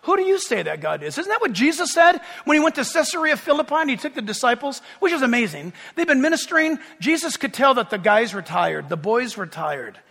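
A male pastor preaches in a high, bright voice that carries through a reverberant church hall. He is animated, raising his voice to act out shouting crowds and joking with the congregation. The sound has a long echo from the sanctuary. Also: brisk, gravelly, hardly any pauses. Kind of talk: sermon.

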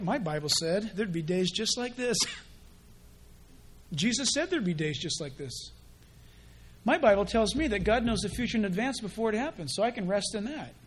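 Lively high-voiced male preacher. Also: slightly rough. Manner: animated preaching with mock dialogues and laughs. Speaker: pastor. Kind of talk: sermon.

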